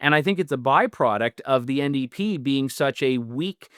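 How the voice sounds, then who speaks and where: A man's voice: medium pitch, lively intonation, moderate pace, clear, resonant tone, no echo, clean studio sound. A middle-aged Canadian man, a newly elected politician, answering interview questions earnestly with frequent restarts. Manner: earnest, with many restarts and fillers.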